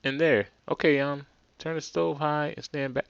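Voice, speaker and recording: A man with a New Jersey accent commentating a game, shouting excitably and loudly. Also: a little high, normal speed, creaky, clean tone, dry recording. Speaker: let's play gamer. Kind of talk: let's play commentary and reading. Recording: slightly muffled with game music behind.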